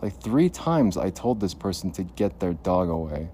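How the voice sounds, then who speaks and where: A man's voice: low voice, sing-song, normal speed, warm tone, slight background noise. A man recording a rambling podcast monologue on his phone in an outdoor parking lot at night, muttering and talking to himself in a paranoid way. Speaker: podcast host.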